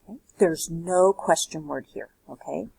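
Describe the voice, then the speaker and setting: A woman's voice: lowish voice, creaky, dark tone, husky, poor audio. A woman teaching a Spanish class, walking students through a worksheet with patient, step-by-step explanations. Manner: patient, explanatory, slows down for examples. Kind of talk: recorded classroom lesson walkthrough.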